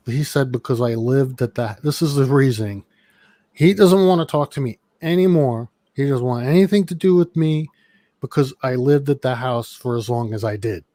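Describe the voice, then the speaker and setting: A man's voice: medium pitch, warm tone, dry recording. A middle-aged man casually telling a long, rambling story with plenty of swearing. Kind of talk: casual chat.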